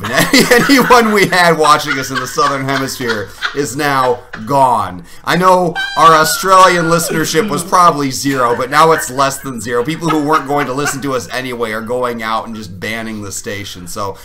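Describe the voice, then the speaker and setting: A man's voice: medium pitch, brisk, few pauses, a crowd in the background. A man co-hosting a podcast, ribbing his partner in dry, teasing banter. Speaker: podcast co-host. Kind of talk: casual comedic podcast banter.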